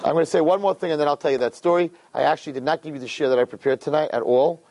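Animated man giving a religious talk. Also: fairly high pitch, very fast, low-quality recording. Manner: animated, repeats words, addresses listeners directly. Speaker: Torah class teacher. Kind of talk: weekly religious lecture with storytelling.

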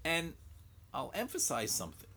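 A man's voice: fairly high pitch, huge pitch swings, normal speed, vocal fry, bright, forceful tone, breathy edge. A man teaching a Talmud lecture. He mixes English with Hebrew and Aramaic study terms and thinks aloud in rhetorical questions, often repeating words.

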